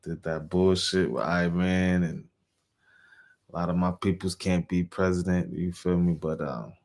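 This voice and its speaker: A man's voice: low-pitched, fairly even intonation, a little slow, vocal fry, a little mellow. A male host giving casual, laid-back reaction commentary in slang. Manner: laid-back slang talk, laughing along. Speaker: show host reacting to clips.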